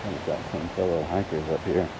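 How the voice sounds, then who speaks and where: A man's voice: low-pitched, steady tone, brisk, very noisy. A man live-streaming a hike on an outdoor trail, chatting with viewers and thinking aloud in a casual, self-deprecating way. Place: outdoor hiking trail in a wooded valley.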